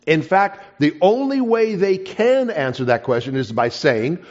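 A man telling a childhood story to an audience as part of a creationist talk, animated and dropping to a soft voice for quoted asides. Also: a little high, measured pace. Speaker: creationist speaker. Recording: dull lo-fi recording.

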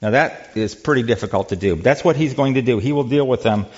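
A man's voice: medium pitch, fairly quick, a little mellow. Man, Bible study teacher, conversational, quizzes the group, restarts phrases, dull lo-fi sound. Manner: conversational, asks the group questions, repeats words.

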